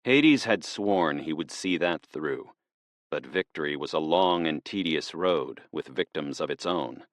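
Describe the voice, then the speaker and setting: A man narrating an audiobook in a measured, expressive reading. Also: rumbling low.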